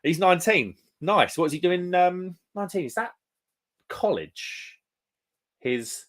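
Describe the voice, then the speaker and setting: A man's voice: high-pitched, lively intonation, unhurried, pauses often. A young man from England hosting a live stream, chatting casually and reading out comments, with a rambling manner full of "mate" and "um".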